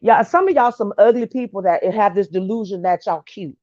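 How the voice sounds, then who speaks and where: A woman's voice: medium pitch, a little fast, hardly any pauses, no room sound, highs cut off. A woman giving blunt, sassy, trash-talking gossip commentary on a livestream.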